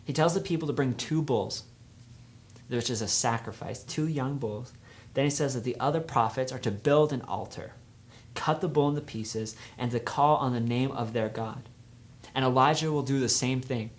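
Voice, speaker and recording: A man's voice: mid-range voice, moderate pace. Young male youth speaker, casual storytelling sermon, energy rising and dropping. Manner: conversational storytelling, swings from energetic to hushed.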